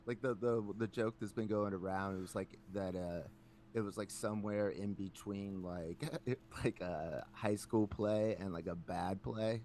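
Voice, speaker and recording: A man hosting a casual podcast, ranting in an animated way with lots of filler words. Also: on the low side, measured pace, slight background noise. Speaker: podcast host.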